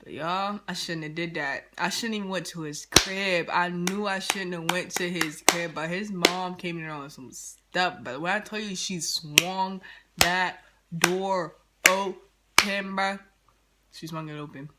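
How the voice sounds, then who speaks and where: A woman vlogger telling a story in an animated, slangy, dramatic way. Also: lowish voice, a little slow, heavy background noise. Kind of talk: storytime vlog.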